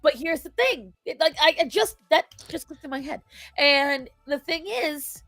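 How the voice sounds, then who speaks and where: A woman co-hosts a casual talk-show podcast about pet behavior, her high, slightly bright voice animated and a little slow. She's emphatic and opinionated, acting out quotes to make her points. The recording is dry, with soft music in the background.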